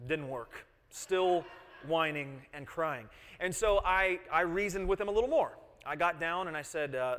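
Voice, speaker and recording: A man's voice: on the high side, a little slow, fairly bright tone. A man in his thirties preaching a sermon, earnest, explaining and repeating key phrases and putting questions to the congregation. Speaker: pastor. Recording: long hall reverb.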